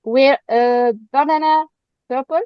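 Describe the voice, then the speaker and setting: A woman with a French accent, a fan speaking in halting, apologetic English as she searches for words on a video call. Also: high-pitched, steady tone, no echo, muffled recording. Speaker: fan asking a question. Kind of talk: casual chat.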